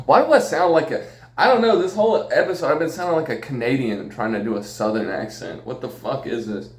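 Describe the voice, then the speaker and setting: A man's voice: medium pitch, animated, brisk. A man hosting a solo podcast, rambling casually and profanely with plenty of jokes and laughs. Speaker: podcast host. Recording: echoey room.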